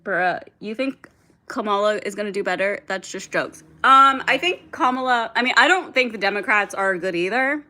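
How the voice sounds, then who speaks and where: Bright-voiced young woman ranting casually on a livestream. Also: mid-range voice, normal speed. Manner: rambling, heavy filler "like", frequent swearing, reads and answers chat. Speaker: livestream host.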